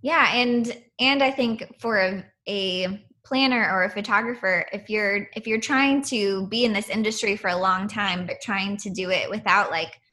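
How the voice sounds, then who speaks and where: A woman's voice: medium pitch, normal speed, few pauses, bright, forceful tone. A woman hosting a podcast interview, agreeable and affirming in casual chat. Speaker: podcast host.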